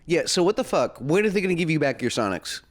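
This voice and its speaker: A man's voice: fairly high pitch, sing-song, fast talker. A man hosting a casual podcast chat, stammering and laughing easily. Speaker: podcast host.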